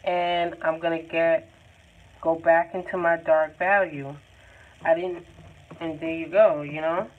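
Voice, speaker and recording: A woman's voice: sits low, level tone, slow pace, long pauses. A woman giving a live painting lesson in a chatty, encouraging and informal way. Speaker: art tutor. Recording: tinny phone-like sound, faint noise.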